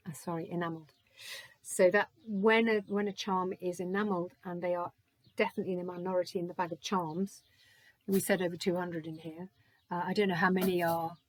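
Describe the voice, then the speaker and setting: A woman's voice: mid-range voice, no room sound. A woman doing a spiritual charm reading, gushing and thankful as she thinks aloud. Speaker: oracle reader.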